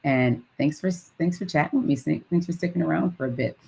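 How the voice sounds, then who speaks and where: A woman's voice: sits low, fairly quick, vocal fry, darkish tone, breathy edge, low-quality recording. A middle-aged woman coaching on weight loss in a live stream, talking energetically and firing off rhetorical questions with a frequent "right?".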